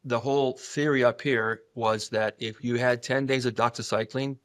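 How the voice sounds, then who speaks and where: A man telling stories in a casual podcast chat, animated, acting out voices and sounds. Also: normal speed, no room sound. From Upper Midwest of the US. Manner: animated, acts out patients' voices and squeak sounds.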